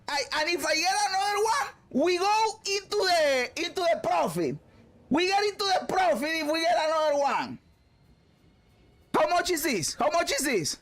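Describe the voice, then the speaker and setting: A man streaming a video game, commenting loudly, swearing and shouting at the game. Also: extremely high pitch, very animated, normal speed. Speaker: gaming streamer. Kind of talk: excited gameplay commentary.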